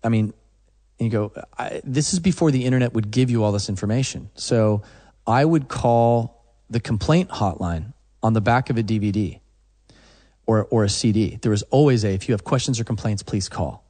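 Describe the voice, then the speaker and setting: Animated man telling a story, long room reverb. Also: lowish voice, moderate pace. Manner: animated storyteller, acts out phone calls. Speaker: guest musician. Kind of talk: casual storytelling in an interview.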